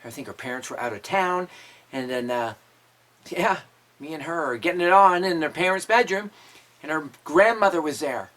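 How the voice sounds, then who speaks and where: Here the voice is fairly high and a bit bright, moving at a moderate pace. It belongs to a musician from Canada in his fifties who hosts his own show, casually recounting raunchy, profanity-laced stories while laughing often.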